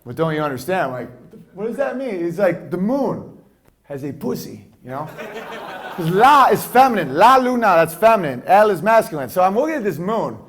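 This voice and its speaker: A man's voice: sits high, fairly bright tone. A man playing a brash male stand-up comic who rambles provocatively and laughs through his lines. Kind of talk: stand-up comedy bit.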